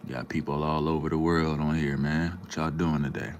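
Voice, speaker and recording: Very deep-voiced laid-back man. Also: little pitch movement, fairly quick, slight background noise. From Minnesota, USA. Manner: laid-back, slangy, greets chatters by name. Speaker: livestream host. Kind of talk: casual livestream chat with viewers.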